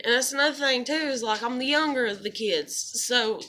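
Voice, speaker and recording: A young woman vlogging in an unplanned, rambling monologue, an animated storyteller who fills her talk with "you know". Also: high voice, fairly quick.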